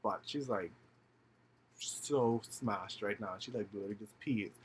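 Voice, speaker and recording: A man's voice: fairly low pitch, a little slow, slight background noise. A young man casually telling a story to camera, full of fillers and slang, acting out the people he quotes. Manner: animated, acts out the people he quotes; filler-heavy slangy chatter, swears freely. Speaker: vlogger.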